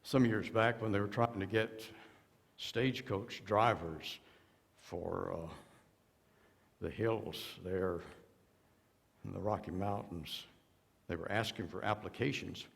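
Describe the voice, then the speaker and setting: Pausing often, this pastor speaks slowly in a lowish, gravelly voice. His sermon in the church sanctuary weaves stories with quoted voices and bits of humor, heard through long church reverb.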